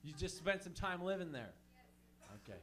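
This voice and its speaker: A man's voice: high-pitched, sing-song, moderate pace, a bit bright. A man from Montreal doing a stand-up set, loose and profane, chatting with the crowd between jokes. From Montreal, Canada. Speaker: stand-up comedian. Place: comedy show in a small venue.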